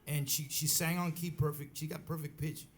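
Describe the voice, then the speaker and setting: A middle-aged bandleader telling a rambling story on stage at a live club, with many restarts and acted quotes. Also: male voice, on the high side, level tone, moderate pace. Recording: live club recording with faint crowd noise.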